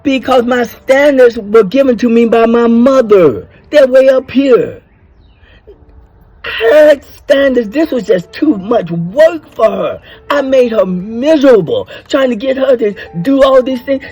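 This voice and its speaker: Over soft background music, an older man lectures men on marriage in a casual monologue, blunt and preachy, cursing liberally and emphasizing his points. His voice is very high-pitched, animated, a little slow, a little mellow and husky.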